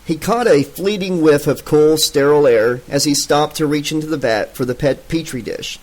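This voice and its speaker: A man's voice: on the high side, moderate pace, darkish tone, rough recording. Man reading a horror audiobook. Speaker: audiobook narrator.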